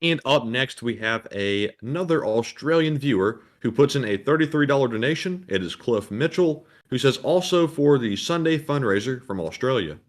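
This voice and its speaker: A man's voice: mid-range voice, animated, normal speed, few pauses. Man reading out donor messages. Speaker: livestream co-host reading super chats. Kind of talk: casual livestream chat.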